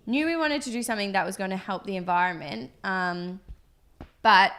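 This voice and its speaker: A woman's voice: medium pitch, normal speed, a bit bright, clean tone. A young adult woman co-hosting a podcast, chatting casually and rambling with lots of fillers. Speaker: podcast co-host, business co-founder. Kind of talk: casual chat.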